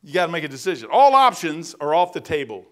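Folksy, animated preacher man. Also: a little high, fast. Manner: animated, folksy storytelling with bursts of emphasis; casual, plain-spoken preaching. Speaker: pastor. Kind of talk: sermon. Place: church sanctuary.

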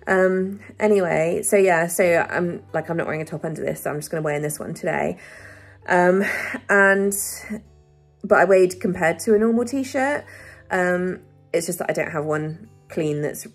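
A woman talks casually to her camera in a husky, slightly breathy voice. She rambles with plenty of fillers and breaks into nervous laughter, sounding close to tears at times. Faint music plays quietly behind her. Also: fairly low pitch. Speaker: vlogger.

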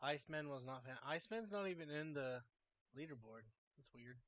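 A man's voice: a little high, expressive, brisk, muffled recording. A man streaming himself playing a game, chatting casually with a wry, sarcastic edge. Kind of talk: casual gaming chat. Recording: loud background noise.

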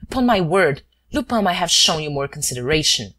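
A woman's voice: sits low, very animated, fairly quick, fairly bright tone, full character voice. A woman voicing a male police commissary who is exaggeratedly courteous. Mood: mock courtesy.

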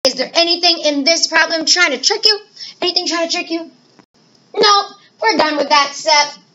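A woman teacher giving a recorded math lesson to children, playful and animated, asking questions and answering them herself. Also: very high voice, normal speed, highs cut off, slight background noise.

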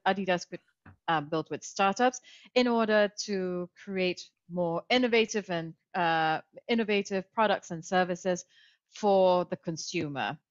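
Woman interview guest, lowish voice, measured with many ums, muffled dry lo-fi sound. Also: no echo. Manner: measured, with frequent fillers. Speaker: podcast guest, author. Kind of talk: interview answers. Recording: dull lo-fi audio.

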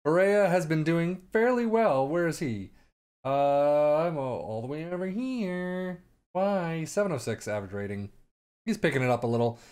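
A man's voice: fairly high pitch, expressive, moderate pace, a little mellow, clean tone. A man casually commenting on his own soccer management game, sarcastic and rambling, sometimes slipping into a mock announcer voice. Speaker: gaming commentator.

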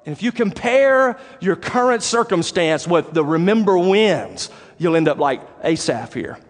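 A male pastor preaching a sermon, animated and conversational, asking the congregation direct questions. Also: high-pitched, a little slow. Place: church sanctuary. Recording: long church reverb.

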